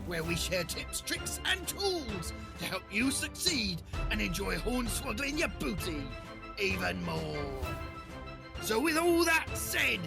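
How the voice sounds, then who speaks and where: A woman's voice: medium pitch, vocal fry, heavily acted. A woman voicing a swaggering female pirate captain who introduces a podcast crew in theatrical pirate slang. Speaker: show intro announcer. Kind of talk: scripted pirate-themed show intro. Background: music.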